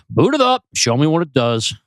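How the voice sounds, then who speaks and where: Man playing a gruff old grump. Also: fairly high pitch, very animated, a little slow, no echo. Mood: irritable. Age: older. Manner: gruff, irritable, exasperated. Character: grumpy old gay man, paranoid ex-programmer. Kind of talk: audio drama acting.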